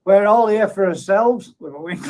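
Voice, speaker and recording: High-voiced man chatting on stream. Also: normal speed, a little mellow. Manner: chatty and matey, chuckles often. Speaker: live stream host. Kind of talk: casual live chat, reading out viewer comments. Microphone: streaming setup at a computer.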